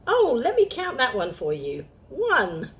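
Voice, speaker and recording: A woman voicing a fast-talking, boastful male squirrel in a read-aloud storybook, chirpy and high. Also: huge pitch swings.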